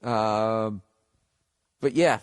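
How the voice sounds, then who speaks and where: A man's voice: fairly low pitch, extremely slow, clear, resonant tone. A man hosting his own podcast, talking in a casual, rambling monologue that is blunt, joking and full of swearing. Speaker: podcast host.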